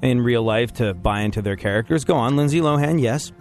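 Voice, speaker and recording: Guy hosting a radio show, rambly and jokey, laughs a lot, soft music in the back. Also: medium pitch, a little fast. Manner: rambling, joking, laughs often. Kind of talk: casual banter on a radio show.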